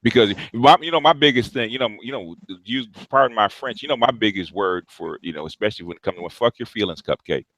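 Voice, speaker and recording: A man's voice: mid-range voice, quick pace, hardly any pauses, fairly bright tone, low-quality recording. A middle-aged man talking bluntly in casual chat as a host, with frequent restarts and repeated words.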